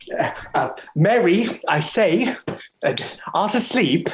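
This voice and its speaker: An actor playing a playful male poet who savours phrases, with lively, stammering Elizabethan stage delivery. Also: sits high, slow pace, reverberant, exaggerated voice.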